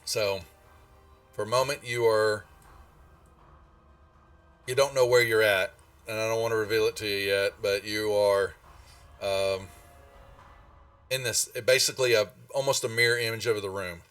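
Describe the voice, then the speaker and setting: A man narrating as game master in a tabletop game, speaking in a halting way with many restarts. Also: lowish voice, fairly even intonation, a bit bright, distant mic, faint music behind.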